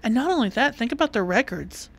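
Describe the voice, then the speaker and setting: A woman's voice: a little high, lively intonation, quick pace, gravelly. A woman with a Southern US accent, co-hosting a podcast in casual chat and laughing often. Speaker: podcast co-host.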